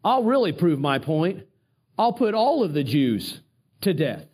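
A man's voice: a little high, big pitch swings, unhurried, darkish tone, slightly rough, exaggerated voice. A man voicing a proud, scheming male royal official in a retold Bible story. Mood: boastful. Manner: boastful, persuasive.

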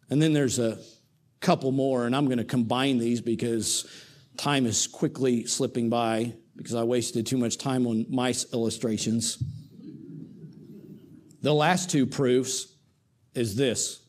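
A man preaching a sermon, telling a Bible story with dramatic swings between hushed and loud delivery. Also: mid-range voice, takes it slowly.

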